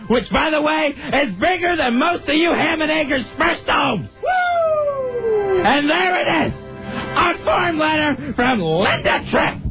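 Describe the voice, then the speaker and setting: A radio co-host doing an impression of a brash, shouting wrestler cutting a promo, full of "Woo!" yells. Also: male voice, very high voice, vocal fry, heavily acted. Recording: dull lo-fi radio broadcast with music.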